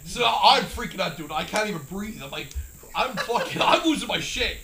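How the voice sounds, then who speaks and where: A man telling a firefighting training story in casual chat, swearing often and acting out quotes loudly. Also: high-pitched, normal speed, reverberant, a little hiss or hum. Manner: profane, excitable, acts out quotes loudly.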